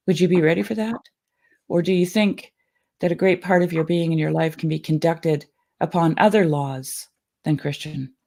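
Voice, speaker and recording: A woman's voice: deep voice, steady tone, normal speed, gravelly, mellow. A woman reading an old sermon aloud in an earnest, emotional way, then chatting casually.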